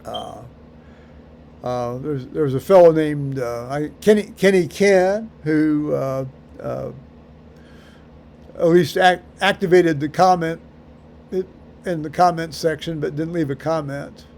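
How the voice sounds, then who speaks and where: A man's voice: a little high, vocal fry. Rambling man vlogging alone. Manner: halting, many fillers and restarts; dry dark humor. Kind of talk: rambling solo monologue.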